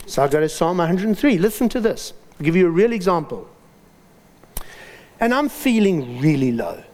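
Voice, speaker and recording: A male preacher delivers a sermon in a notably high voice that swoops across a wide range. He tells personal stories with dramatic pauses and lively emphasis. His words ring out with a long reverb, as in a large hall.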